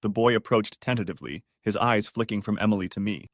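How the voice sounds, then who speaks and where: A man's voice: fairly low pitch, fast talker, no room sound, clean studio sound. A man narrating a dramatic first-person story in a scripted, emotional read.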